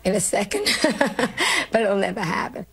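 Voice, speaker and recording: Gravelly New woman telling stories. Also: medium pitch, normal speed. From New York. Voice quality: gravelly, husky. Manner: animated storyteller acting out quoted lines. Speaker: comedian interview guest. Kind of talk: television interview recollection.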